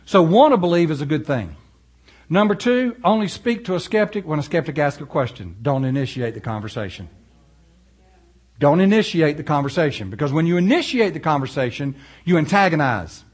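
A male pastor, preaching in a folksy, animated way with storytelling asides. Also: a little high, brisk, breathy edge. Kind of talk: sermon.

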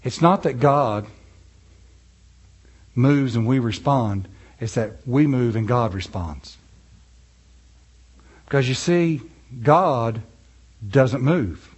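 A male pastor delivering a sermon in a conversational way. He asks his listeners questions and moves between loud, high-pitched preaching and quiet, low, soft passages. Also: animated, slow, long pauses, slightly rough.

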